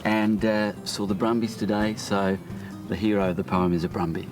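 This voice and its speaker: An Australian man talking casually in an interview, relaxed and hesitant with fillers. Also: lowish voice, normal speed, over music. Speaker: poet.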